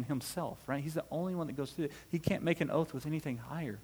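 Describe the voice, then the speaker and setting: A man's voice: on the high side, quick pace, hardly any pauses, a little mellow, slightly rough, big-room sound. A man delivering a sermon as a pastor, conversational and full of rhetorical questions, often checking in with "right?".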